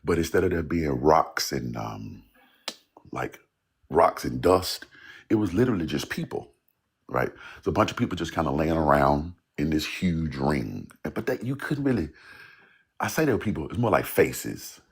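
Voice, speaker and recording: A man with a low, slightly husky voice tells a story in casual talk. His pitch rises and falls a lot as he acts out quotes, laughing and swearing along the way. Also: sing-song, moderate pace.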